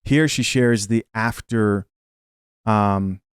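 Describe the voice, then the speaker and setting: A man's voice: lowish voice, takes it slowly, clean tone, no room sound, clean studio sound. A man hosting a reaction video, giving opinionated casual commentary and reading viewer comments aloud.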